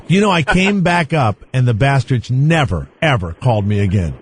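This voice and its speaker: A man hosting a comedic radio talk show, teasing callers and guests in an animated way. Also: medium pitch, moderate pace, husky. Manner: animated, teasing, breaks into shouts and laughs.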